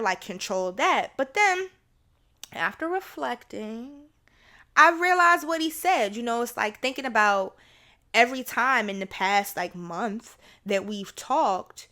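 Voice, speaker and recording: This is a young woman speaking to her podcast listeners in a candid, confessional monologue. Her voice is bright and sharp. She keeps it casual and blunt, with plenty of fillers and the odd curse. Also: mid-range voice. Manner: frank and chatty, with swearing and filler words. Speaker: podcast host.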